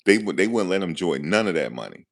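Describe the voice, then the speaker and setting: Talking quickly in a low, sing-song voice, this streamer keeps the mood loose and jokey. He gives casual commentary and banters back with his live chat.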